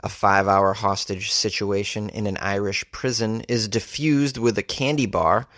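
A man's voice: fairly low pitch, steady tone, normal speed, fairly bright tone, no room sound, clean studio sound. A man hosting a weird-news podcast, reading stories aloud and riffing on them with sarcastic disbelief; he says he is a little loopy. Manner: incredulous, ranting, reads stories aloud then riffs. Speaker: podcast host.

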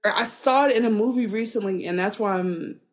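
A woman's voice: mid-range voice, fairly quick. A woman co-hosting a podcast, chatting casually in a rambling, profane way full of filler words. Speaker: podcast co-host. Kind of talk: casual chat.

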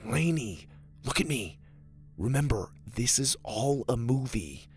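A man voicing a level-headed boy who speaks calmly and reassuringly. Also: mid-range voice, takes it slowly, faint music behind. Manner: calm, reassuring.

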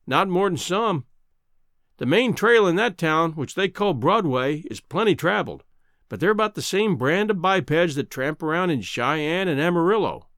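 A man's voice: fairly high pitch, a bit bright, dry recording, studio quality. A man voicing a folksy, talkative cowboy guide who speaks in drawling frontier slang.

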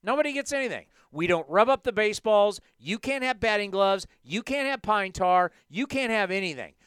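Animated male sports talk host. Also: high voice, a little fast, clean tone, dry recording. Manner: animated, emphatic ranting.

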